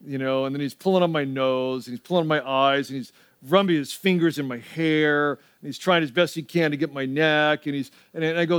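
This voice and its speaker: A man's voice: fairly high pitch, steady tone, a little fast, clear, resonant tone, dry recording, studio quality. A middle-aged male pastor preaching a sermon, telling stories in a conversational way and prompting the audience to respond.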